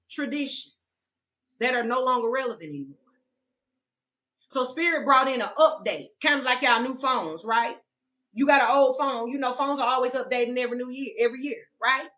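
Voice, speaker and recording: Sassy preaching woman with a bright voice. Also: high voice, low-quality recording. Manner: sassy, confrontational, slangy and direct. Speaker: self-described spiritual teacher. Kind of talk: preachy spiritual vlog monologue.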